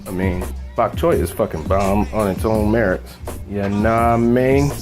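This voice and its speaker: A cooking show host with a fairly low voice talks a bit slowly over music. He's profane and easygoing, rambling into a joke while cooking at the stove in a casual home demo.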